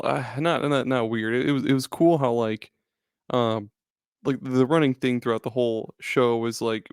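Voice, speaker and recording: A man's voice: medium pitch, clean tone, no echo, clean studio sound. A man hosting a podcast in casual chat, rambling, swearing often and laughing a lot. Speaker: podcast host.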